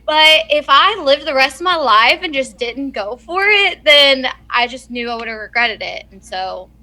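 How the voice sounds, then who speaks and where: A woman in her thirties with a Southern accent, chatting as a blogger guest on a podcast, animated and quick to laugh. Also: sits high. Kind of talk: casual podcast chat.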